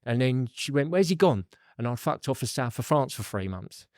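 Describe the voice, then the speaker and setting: A man's voice: mid-range voice, fairly quick, dry recording, clean studio sound. A middle-aged man, a podcast guest telling his recovery story in a rambling, candid way with fillers and swearing.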